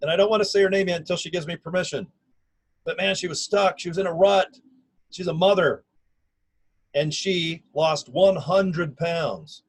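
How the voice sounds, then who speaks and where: A man in his fifties talks casually and energetically into his own camera, pitching an online business in a folksy, slangy, emphatic way. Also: rough recording. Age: 50s. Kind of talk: casual self-recorded video pitch. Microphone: camera or phone mic.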